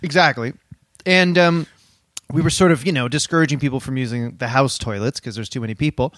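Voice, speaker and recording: A man's voice: medium pitch, fairly quick, fairly bright tone, no room sound. A man co-hosting a podcast, friendly and teasing in casual chat. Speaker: podcast co-host.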